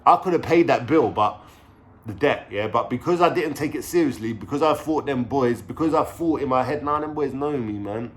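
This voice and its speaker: A young man with a London street accent tells a story straight to camera. His voice sits at a middle pitch, and he talks in loose slang, swears freely and keeps asking "you know what I'm saying?". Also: fairly quick. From London, England. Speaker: vlogger.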